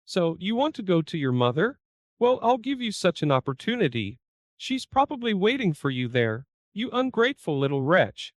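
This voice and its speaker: Spiteful hissing stepmother read by a male narrator, high and lively pitch, dry close sound. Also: moderate pace, no room sound. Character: cruel scheming stepmother, adult woman.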